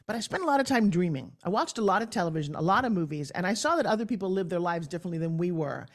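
A woman guest on a podcast, a professional coach, telling her story in an energetic, emphatic way. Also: medium pitch. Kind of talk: podcast interview.

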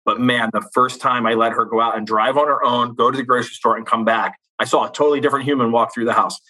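A man's voice: mid-range voice, steady tone, fast talker, bright, forceful tone, poor audio. A man in his forties, an astronaut guest in a conversational interview, speaking candidly and reflectively. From United States.

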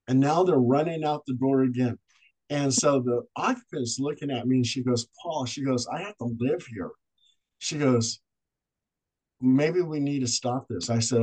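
Animated man telling ghost stories. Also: mid-range voice, rough recording. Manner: animated storyteller acting out voices. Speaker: paranormal investigator guest. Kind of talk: storytelling in a podcast interview.

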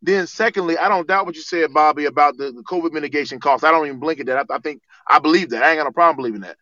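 Insistent man with a bright, muffled voice. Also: on the high side, rapid-fire, dry recording. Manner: insistent, cuts in and repeats himself. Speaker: guest with a medical budget job. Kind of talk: casual debate chat.

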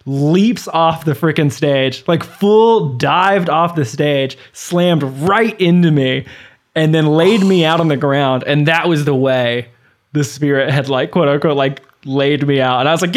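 A man's voice: fairly high pitch, unhurried. A man in his thirties co-hosting a casual podcast, joking wryly and telling a story. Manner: wry, joking, conversational. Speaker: podcast co-host. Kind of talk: casual chat.

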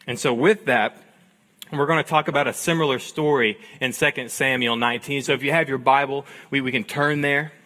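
A man's voice: mid-range voice, steady tone, a little fast, bright, forceful tone. A young man preaching a sermon, opening with a humorous personal story in a conversational, self-deprecating way before reading scripture. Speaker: pastor.

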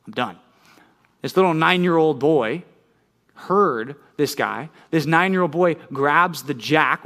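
Male pastor, higher-set voice, casual sermon delivery, engages listeners with questions. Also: a bit bright. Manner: conversational, frequent "right?" questions to listeners; storytelling with rising intensity.

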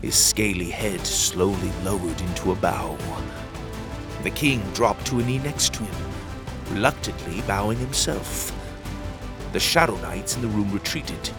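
Expressive male storyteller with gravelly voice. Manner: expressive storytelling with lively pitch. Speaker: narrator. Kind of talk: children's audio story narration.

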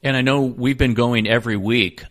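A man's voice: mid-range voice, steady tone, normal speed, a bit bright. A man from the United States co-hosting a travel podcast, chatting casually and setting up topics for his partner. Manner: conversational, sets up topics with questions.

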